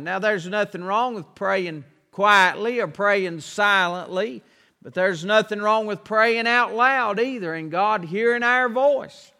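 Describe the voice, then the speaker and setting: High-voiced preacher in a reverberant hall. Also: male voice, sharp tone. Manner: reads scripture aloud, slowing and rising in volume on verses. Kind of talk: sermon.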